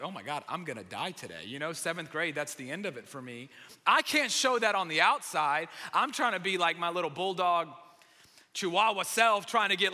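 A young male pastor preaching, his voice bright and forceful with a slightly raised pitch. He tells stories with animated, self-mocking humor. The sound rings with the long reverb of a large hall. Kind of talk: sermon.

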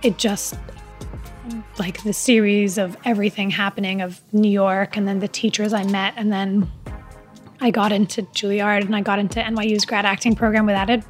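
A young adult actress with an unusual voice, chatting casually in an interview, rambling with lots of "like" fillers and restarts. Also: female voice, medium pitch, little pitch movement, normal speed, soft background music. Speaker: actress guest.

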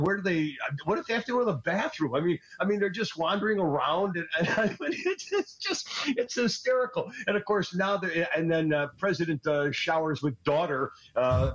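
A man's voice: on the high side, highs cut off. A man ranting on a talk radio show, agitated and scattered, stammering and laughing as he goes. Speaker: regular radio commentator. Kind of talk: animated political talk radio rant.

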